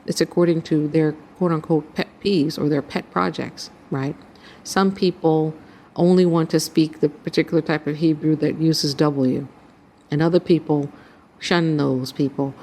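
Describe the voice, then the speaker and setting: A woman's voice: low voice, fairly even intonation, a little slow, a little mellow. A woman hosting her channel, earnestly recounting a dream as spiritual testimony and acting out the voices in it. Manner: earnest storytelling, acts out quoted voices.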